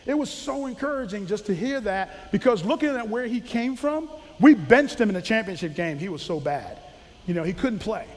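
A former football coach tells animated, casual stories about players he coached, acting out their quotes and laughing often. His voice is high-pitched at a moderate pace, and the recording has big-room sound.

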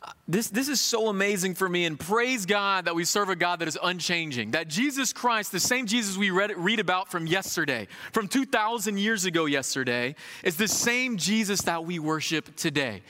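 A man in his thirties preaching a sermon in an animated, conversational way, with folksy asides. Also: sits high, normal speed, big-room sound.

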